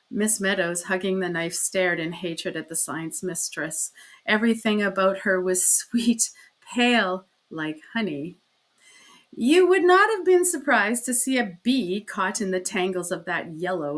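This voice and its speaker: A woman reading a classic short story aloud, chatting casually with fillers before an expressive reading. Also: lowish voice, a little slow, low-quality recording. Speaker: story reader.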